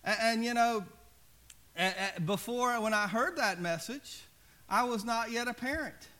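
Man, pastor, sermon, high voice, earnest conversational delivery, goes quiet for emphasis. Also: a little slow. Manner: conversational, earnest, often drops soft and low for emphasis.

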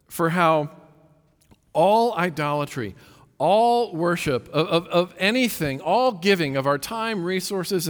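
A man's voice: fairly high pitch, a bit bright, in a large hall. A man preaching a sermon, emphatic and full of rhetorical questions, often repeating words as he builds his point. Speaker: pastor.

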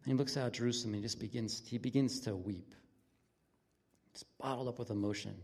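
A man preaching a conversational sermon in an earnest, plain-spoken way, his voice dropping from lively emphasis to hushed, intimate tones. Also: medium pitch, quick pace, vocal fry, husky. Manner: earnest, swings from loud excitement to near-whisper intimacy. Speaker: pastor.

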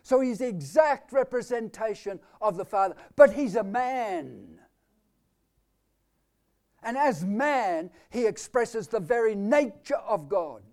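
Man, Australian accent, preacher, high-pitched, live sermon, emphatic, questions the congregation. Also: expressive, slow pace. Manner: swings between loud declarations and low asides.

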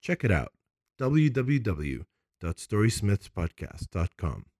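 Lively laughing male podcast host. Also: lowish voice, takes it slowly, no room sound, studio quality. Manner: animated, laughs often. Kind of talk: casual podcast chat. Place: makeshift home studio.

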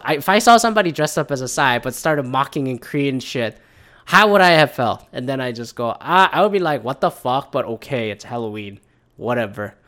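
A man's voice: mid-range voice, fairly bright tone. A young man telling a long story in a casual, rambling way, often restarting and swearing freely.

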